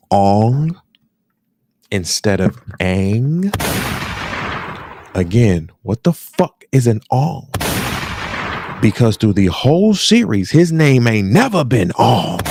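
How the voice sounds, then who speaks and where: A man's voice: mid-range voice, darkish tone. An American man with an African American English accent hosting a podcast, ranting casually and profanely, repeating phrases for emphasis. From United States. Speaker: podcast host.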